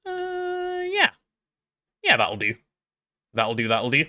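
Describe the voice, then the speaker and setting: A man streams a game from his home setup, rambling through his build and greeting viewers in chat. His voice is bright and a little high, and his pitch swings widely as he talks. He restarts his sentences often and keeps an easy, chatty flow. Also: huge pitch swings, slow pace, smooth. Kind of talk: casual live-stream chat while playing.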